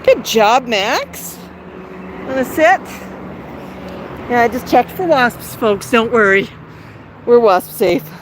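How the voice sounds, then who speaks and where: A woman's voice: on the high side, lively intonation, takes it slowly, long pauses, noisy background. A middle-aged woman hosting a live-streamed walk outdoors, talking in a coaxing, sing-song way to her pet bird. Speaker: bird owner and host. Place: outdoors in a residential neighborhood.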